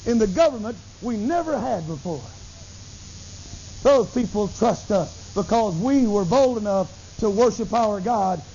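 A middle-aged man preaching a sermon, telling a story with lively acted-out dialogue. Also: sits high. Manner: animated storytelling, acts out dialogue, bursts into tongues. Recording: dull lo-fi recording with faint hiss.

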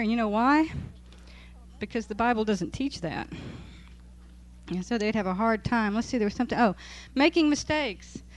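A woman teaching a Bible study to a group in a relaxed, chatty way. She is amused, laughs often, and reads passages aloud to make her points. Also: fairly high pitch. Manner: conversational, amused, laughs while reading aloud. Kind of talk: church talk to a group.

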